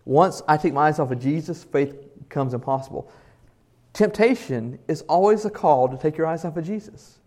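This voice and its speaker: Delivering a sermon at a moderate pace, this sincere pastor speaks in a somewhat high male voice with lively intonation. His volume rises to loud emphasis before softening, and he directs questions at his congregation.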